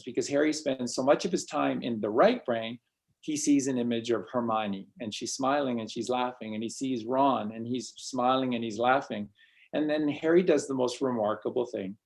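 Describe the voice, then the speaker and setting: A man's voice: mid-range voice, a little mellow. A man hosting a casual spiritual talk, rambling and often repeating words as he restarts sentences. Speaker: host.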